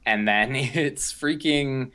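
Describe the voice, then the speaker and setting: Bright-voiced young man recapping a movie. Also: medium pitch, slow pace, slight background noise. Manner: rambling, filler-heavy recap with many restarts. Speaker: podcast co-host. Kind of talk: casual movie discussion.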